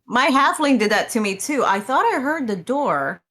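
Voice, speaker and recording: A woman guest on a podcast, telling stories about streaming in a casual, animated way, acting out her own reactions and laughing often. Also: fairly high pitch, moderate pace. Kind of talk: casual interview chat.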